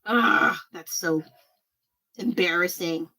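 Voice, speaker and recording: Bright-voiced rambling woman chatting. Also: lowish voice, rough recording. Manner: rambling, self-deprecating, quick asides. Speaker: artist livestreaming while painting. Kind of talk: casual chat with viewers while painting.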